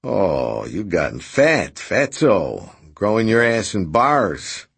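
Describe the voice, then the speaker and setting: A man voicing a brash, rough-talking man who speaks bluntly and loudly. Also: fairly low pitch, very animated, slow pace, exaggerated voice. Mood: boisterous. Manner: loud, brusque, boisterous.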